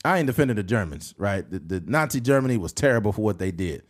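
Animated podcast host with a lively voice. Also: male voice, fast talker. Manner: animated, swings from loud joking to low mutters. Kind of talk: casual podcast chat.

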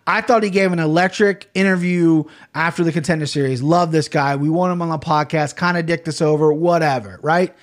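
A man's voice: on the high side, fairly even intonation, a little fast, few pauses. Rambling, profane man hosting a podcast. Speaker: podcast host. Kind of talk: casual chat.

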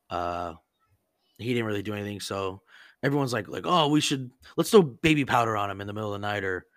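A man's voice: on the low side, a bit bright, no room sound, clean studio sound. A man casually telling a crude prank story on a podcast, rambling and profane, full of "like" and acted-out quotes.

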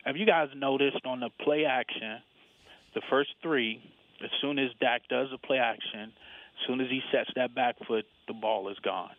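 A man's voice: medium pitch, normal speed, no room sound. Male caller on a tinny phone line. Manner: steady, detailed breakdown with fillers. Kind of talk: call-in comments.

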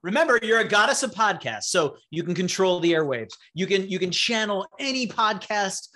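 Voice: medium pitch, expressive, normal speed, pushed and bright. A game master narrating a tabletop game, setting scenes in a playful, vivid way.

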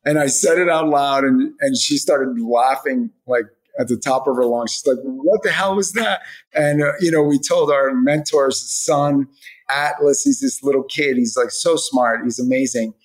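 A man's voice: medium pitch, moderate pace, rough recording. Rambling man talking about his business. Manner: rambling, lots of "like" and "you know" fillers. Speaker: hot sauce brand founder, guest. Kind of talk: casual podcast interview.

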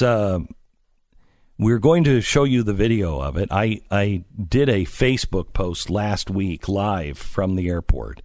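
Lively, low-pitched talk radio host. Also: male voice, no echo, clean studio sound. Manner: earnest storytelling, lively swings from loud to hushed.

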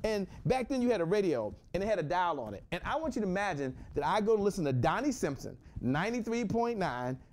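Animated man with a lively voice. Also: sits high, fast talker, hardly any pauses, a little hiss or hum. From Washington, D.C. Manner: energetic, repetitive, animated preacher-like delivery. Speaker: host, sales coach. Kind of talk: motivational talk.

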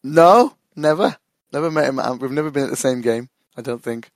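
A man's voice: medium pitch, a little fast, no echo. A man chatting casually as a podcast co-host, rambling, swearing and laughing often. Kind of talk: casual football chat.

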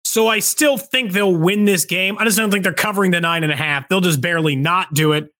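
A man hosting a sports podcast, chatting casually and animatedly in quick bursts. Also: high voice, bright, forceful tone.

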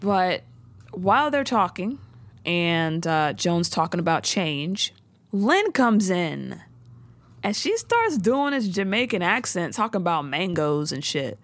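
Slangy, lively New woman recapping. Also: lowish voice, slow pace, slight background noise. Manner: slangy, animated storytelling with frequent laughs. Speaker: podcast co-host recapping a TV show. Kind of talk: casual chat.

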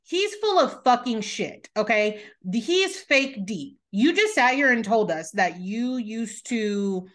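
This is a woman hosting a casual podcast, talking a reality show over with a co-host. Her voice sits somewhat high and moves a lot, rising and falling with every point. She is blunt and swears without holding back. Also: measured pace, hardly any pauses. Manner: blunt, animated, swears freely. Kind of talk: casual recap chat.

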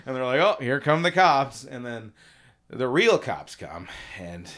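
A man's voice: medium pitch, sing-song, a little slow, a bit bright. A man playing a rambling, defensive suburban husband. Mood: blustery. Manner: rambling, defensive, laughing asides. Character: simple-minded beer-selling suburban husband. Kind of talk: improvised comedy interview.

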